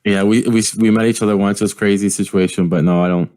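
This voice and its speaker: A man from Canada co-hosting a casual podcast, easygoing and quick to laugh. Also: fairly low pitch, steady tone, a little mellow. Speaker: podcast co-host. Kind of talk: casual chat.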